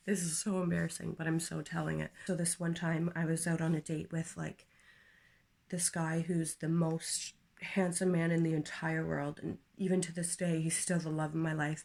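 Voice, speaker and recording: A woman ranting on her vlog in a crude, profane, candid way, with jumps to loud outbursts and whispered asides. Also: on the low side, creaky. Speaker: vlogger. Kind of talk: casual comedic rant.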